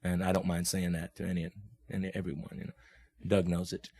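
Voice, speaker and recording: Fast-talking man telling stories. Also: low-pitched, monotone, mellow, breathy edge. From Oklahoma. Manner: laid-back hip slang, laughs often, acts out voices in his stories. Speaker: guest musician. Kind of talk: casual storytelling.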